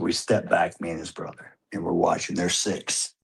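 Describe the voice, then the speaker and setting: A man's voice: low voice, monotone, moderate pace, creaky, few pauses, breathy edge. A man telling a hunting story as a father, recounting it vividly and acting out the exchanges. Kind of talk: recorded storytelling.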